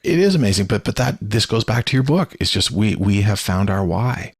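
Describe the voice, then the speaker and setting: A man's voice: on the low side, lively intonation, brisk, breathy edge, no room sound. A man hosting a podcast interview, speaking in an earnest way and often repeating words. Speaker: podcast host.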